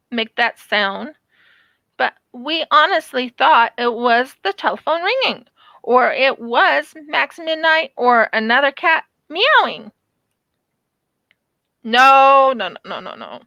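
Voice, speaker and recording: A high-pitched woman tells childhood stories at an easy, slow pace. She is animated and acts out the quotes in her stories, and her voice sounds close and dry. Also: dry recording, lo-fi sound. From United States. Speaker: craft channel vlogger. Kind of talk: casual storytelling while crafting.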